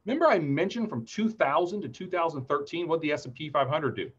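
A man's voice: on the high side, lively intonation, quick pace, husky, dull audio. Chatty man in his forties presenting. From Ohio, USA. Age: 40s. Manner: chatty, upbeat, tells anecdotes between chart talk. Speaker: market strategist presenter. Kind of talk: webinar presentation.

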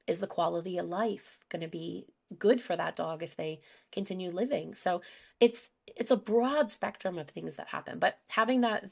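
A woman's voice: lowish voice, gravelly, breathy edge. A woman, a guest animal behaviorist, talking candidly in a casual podcast conversation, telling stories with lots of fillers. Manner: candid, storytelling, many fillers.

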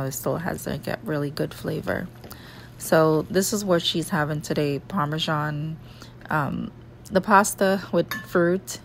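A Jamaican woman in her thirties talks in a relaxed, chatty way, walking through her morning routine in a home kitchen. Her voice sits low and has a gravelly edge. A faint hiss of noise runs under the recording. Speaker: vlogger. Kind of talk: casual vlog narration.

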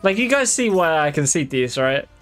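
Male gaming creator, casual and dry, swears easily, voice sits a bit high. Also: very animated, moderate pace, fairly bright tone, smooth, faint music behind. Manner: wry, swears freely, talks to viewers. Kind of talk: casual gameplay commentary.

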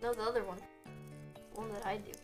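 A woman's voice: mid-range voice, fairly even intonation, quick pace, over music. A young woman streaming in casual chat, playful and exclaiming.

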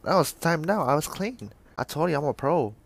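A man's voice: fairly high pitch, very animated, brisk, creaky, slight background noise. A young adult man giving casual, joking, profane commentary while playing a shooter game. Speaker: gamer.

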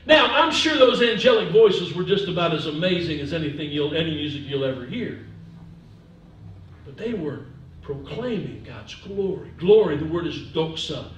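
A man, an older pastor, preaching a sermon with humor, swinging between soft asides and loud emphasis. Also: high voice, normal speed. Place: church sanctuary. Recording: echoey church from a distance.

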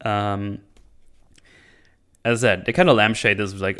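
A man's voice: lowish voice, fairly even intonation, measured pace, fairly bright tone, clear, resonant tone. A man hosting his own channel, recapping a movie in a casual, rambling way, often laughing and acting out characters' lines. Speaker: channel host reviewing a movie.

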